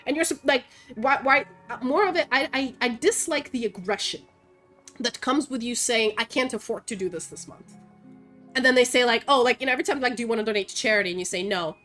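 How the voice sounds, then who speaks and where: A young woman streamer rants in a blunt, profane, animated way, her voice fairly high and full of fillers. Soft music runs faintly behind her. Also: brisk. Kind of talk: casual opinionated rant while gaming.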